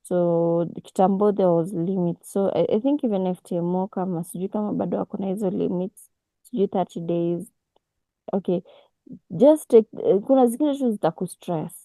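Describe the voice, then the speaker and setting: A woman, teaching a casual online forex class over a video call, unhurried and full of restarts. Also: on the low side, mellow, no room sound, rough recording. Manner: unhurried, with many restarts and fillers. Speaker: forex mentor.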